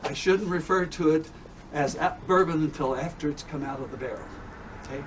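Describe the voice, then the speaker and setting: A man whose voice runs on the high side talks a little fast as he leads a group tour of a distillery warehouse and tasting room. His folksy, chatty style keeps circling back to "okay?" and "all right?", and the tour recording is distant and noisy.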